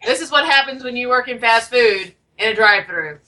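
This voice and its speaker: A woman hosting a casual call-in radio show, talking in a quick, rambling, self-aware way. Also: a little high, pushed and bright. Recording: voice from far off the mic.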